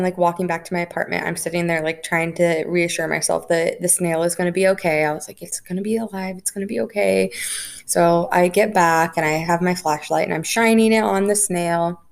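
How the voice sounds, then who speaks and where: A woman's voice: lowish voice, steady tone, moderate pace, gravelly. A young adult woman hosting a spiritual podcast, telling stories in a chatty way with lots of "like" fillers. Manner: chatty storytelling, frequent "like" fillers. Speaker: podcast host. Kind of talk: casual spiritual podcast talk.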